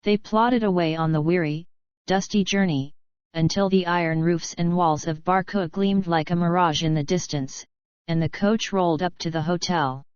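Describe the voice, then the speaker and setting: Smooth low-voiced woman narrating an audiobook. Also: fairly even intonation, moderate pace, a little mellow, dry recording, dull audio.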